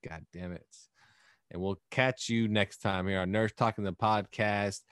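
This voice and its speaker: A man hosting a podcast in casual chat, animated and joking, often slipping into mock voices. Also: lowish voice, unhurried, clear, resonant tone, no room sound, clean studio sound. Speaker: podcast host.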